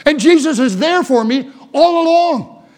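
A man preaching a Baptist sermon, folksy and earnest, with stammering restarts and swings between loud exhortation and hushed asides. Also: extremely high pitch, animated, unhurried.

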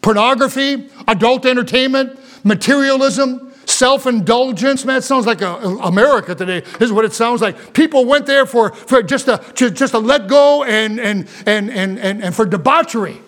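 With an extremely high pitch at a normal speed, a pastor addresses his morning congregation in a sermon. His delivery is lively and digressive, marked by repeated words and restarted sentences.

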